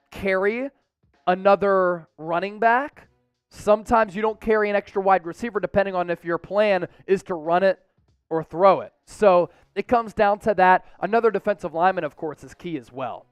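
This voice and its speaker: Young guy hosting a live sports stream, pretty high voice, reads chat out, bit of music faintly behind. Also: clean tone. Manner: energetic, reads chat aloud. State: exerting, counting push-ups.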